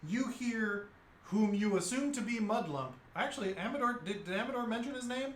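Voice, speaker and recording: A man narrating a tabletop game as dungeon master, halting and full of fillers. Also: high voice, animated. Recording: echoey room with faint noise.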